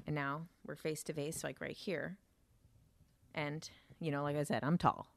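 Slow, low-voiced woman telling a story. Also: little pitch movement, gravelly. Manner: filler-heavy, swears, vivid retelling. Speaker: storyteller recounting an encounter. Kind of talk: casual storytelling.

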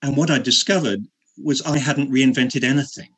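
A man, an actor being interviewed, telling a self-mocking anecdote in halting speech with many repeated words and frequent laughter. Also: mid-range voice, a bit bright, breathy edge.

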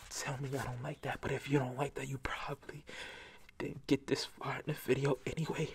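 Brisk and level, this man's medium-pitched voice carries vocal fry, with a little background noise behind it. Seated at home before a camera, the ASMR creator whispers and speaks by turns into a close ASMR mic, joking in a chaotic, rambling way.

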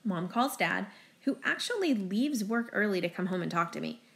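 A woman narrating a first-person audiobook in an expressive, brisk storytelling manner. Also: medium pitch, vocal fry.

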